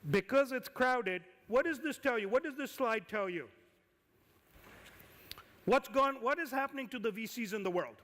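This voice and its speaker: A man giving a conference talk as an investor, lively and firing questions at the audience. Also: extremely high pitch, moderate pace, long pauses. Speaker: conference speaker, angel investor. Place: conference hall. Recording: reverberant hall.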